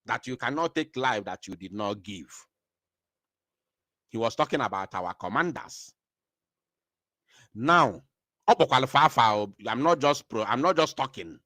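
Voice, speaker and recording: Fiery man, lively pitch. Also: normal speed, pauses often, dry recording, studio quality. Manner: fiery, emphatic, mixes Igbo and English. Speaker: political commentator. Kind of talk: impassioned commentary.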